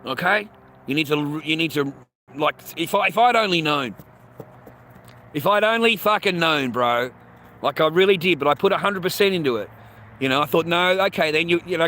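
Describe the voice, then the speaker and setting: A man's voice: high voice, sharp tone. A middle-aged man ranting on a livestream, blunt and crude, swearing constantly. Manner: crude, profanity-heavy, blunt.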